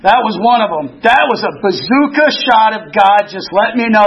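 Casting note: man in his 60s, high voice, earnest storyteller at a recovery meeting, dull lo-fi recording. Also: brisk, few pauses. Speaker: speaker sharing recovery story.

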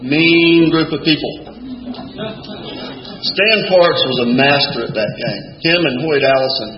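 A man's voice: a little high, unhurried, a crowd in the background. An older man, telling his story at a recovery meeting in a wry, folksy way with dry punchlines. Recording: echoey hall with dull lo-fi sound and faint room noise.

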